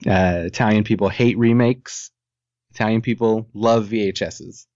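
A man's voice: on the low side, fairly even intonation, normal speed, darkish tone, no echo. A man co-hosting a podcast in casual chat, rambling and jokey, swearing casually. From Ohio, US. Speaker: podcast co-host. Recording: dull lo-fi sound.

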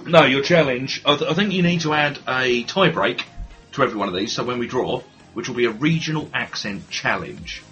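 A man's voice: mid-range voice, a little fast, sharp tone, lo-fi sound, soft background music. An English man co-hosting a podcast, chatting casually in a joking, rambling way that keeps correcting itself. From Britain. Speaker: podcast co-host.

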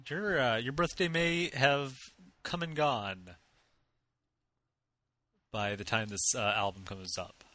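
A man's voice: medium pitch, slow pace, pauses often, sharp tone, dry recording. A young man hosting a casual podcast chat, teasing his co-hosts, laughing often and restarting his sentences. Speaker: podcast host.

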